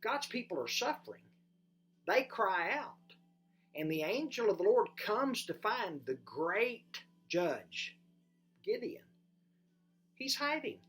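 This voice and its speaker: A pastor delivers a sermon in a sing-song, slightly slow manner, putting direct questions to listeners and swinging between loud emphasis and quiet, low delivery.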